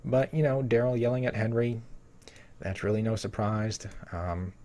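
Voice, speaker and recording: A man's voice: medium pitch, normal speed, mellow. A man giving a casual spoiler rundown of a TV episode, reading bits of a summary and rambling with lots of filler words. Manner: rambling, heavy with "you know" fillers.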